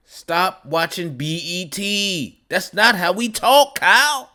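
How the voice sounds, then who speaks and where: A man's voice: sits high, lively intonation, slow, hardly any pauses, pushed and bright. A man delivering a ranting commentary, mocking and scolding with insults. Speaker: commentary vlogger.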